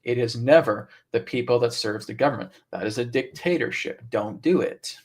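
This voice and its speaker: A man's voice: mid-range voice, moderate pace, close to an everyday voice. A man voicing a stern, ancient inner-earth woman who gives emphatic, repeated short commands in a channeled live stream.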